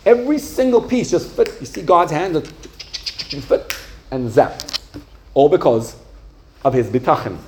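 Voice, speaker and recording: A man heading a yeshiva and teaching a Torah class to students, telling stories in an animated, conversational way. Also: a little high, slight background noise. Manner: animated, conversational, acts out the voices in his stories.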